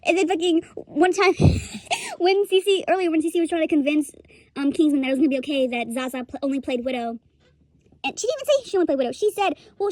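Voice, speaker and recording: Young woman vlogger, high voice, dry close sound, rambling swearing rant. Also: darkish tone, no room sound. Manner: rambling, profane, laughs often. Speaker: streamer commentator. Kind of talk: casual rant commentary.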